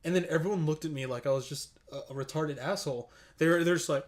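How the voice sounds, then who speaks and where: A man's voice: a little high, quick pace. A young man co-hosting a casual chat podcast, swearing freely and rambling through stories while acting out other people's lines. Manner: crude, rambling storyteller who acts out other people's lines. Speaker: podcast co-host.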